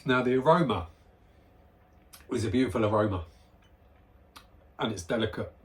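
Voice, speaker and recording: An excitable man talks through a beer review in a relaxed, rambling way. His voice sits at a middling pitch and he gushes over what he tastes. It sounds like a homemade vlog recorded at home. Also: moderate pace. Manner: enthusiastic, chatty, rambling. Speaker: beer reviewer, channel host. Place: at home, near a barbecue area.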